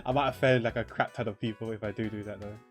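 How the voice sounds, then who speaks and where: A man talks through his gameplay ideas in a loose, rambling way. He restarts often and his phrases tail off quietly. Faint music runs underneath. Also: on the low side, steady tone, fast. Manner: rambling, many fillers and restarts, trails off quietly. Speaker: gamer. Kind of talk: casual gameplay commentary.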